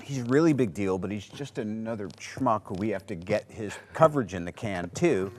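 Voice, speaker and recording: An actor on a cast panel, rambling through a wry, joking anecdote. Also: male voice, on the low side, expressive, brisk, hardly any pauses. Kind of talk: casual anecdote telling.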